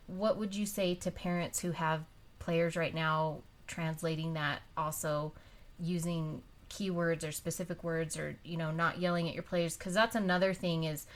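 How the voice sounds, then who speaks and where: A woman's voice: sits low, steady tone, moderate pace. A woman podcast host and youth soccer coach, chatting casually and telling rambling stories with frequent laughs. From Utah, United States. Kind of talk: casual interview chat.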